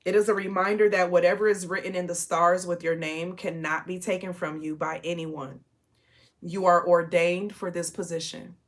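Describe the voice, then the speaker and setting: A sleepy woman hosting a casual late-night spiritual message, chatty and profane, calling her listeners y'all and laughing often. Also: fairly low pitch. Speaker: spiritual channel host.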